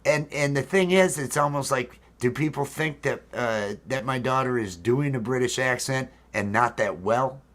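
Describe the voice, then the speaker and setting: A man's voice: mid-range voice, normal speed, few pauses, fairly bright tone. A man hosting a casual livestream chat, telling a story in a rambling way with many fillers and restarts. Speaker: host.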